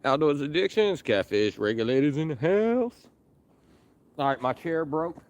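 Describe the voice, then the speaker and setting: A man's voice: on the high side, sing-song, moderate pace, highs cut off. A man casually chatting with viewers during a live fishing stream, talking in a laid-back, joking way, recorded outdoors on a riverbank at night on a phone.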